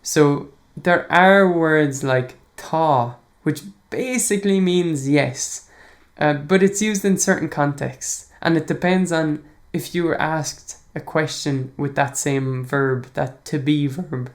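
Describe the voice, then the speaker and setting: An Irish man hosting a language podcast. He answers listener questions in a casual, relaxed way, chuckling often and pausing on fillers. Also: on the high side. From Ireland. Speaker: podcast host.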